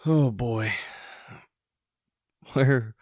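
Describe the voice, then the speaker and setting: A man hosting a solo podcast, thinking aloud in a musing, hesitant way with many pauses and restarts. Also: medium pitch, darkish tone, no room sound, clean studio sound. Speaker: podcast host. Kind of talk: reflective solo podcast monologue.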